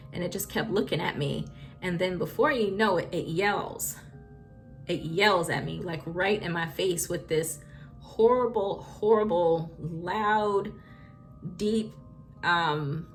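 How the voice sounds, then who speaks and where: A woman's voice: on the low side, a bit bright. A young woman vlogger retelling a frightening personal experience, emotional and full of fillers. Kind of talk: personal storytime. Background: faint spooky music.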